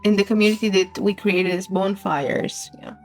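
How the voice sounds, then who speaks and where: A woman's voice: medium pitch, steady tone, soft background music. A woman player in casual game chat, speaking hesitantly and drawing out her words. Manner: hesitant, drawn-out speech.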